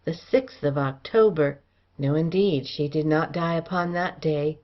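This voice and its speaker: A woman playing an earnest young gentleman in an audiobook, plain-spoken and direct. Her voice sits low, and the recording is dull and lo-fi. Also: a little slow. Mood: insistent. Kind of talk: audiobook character reading.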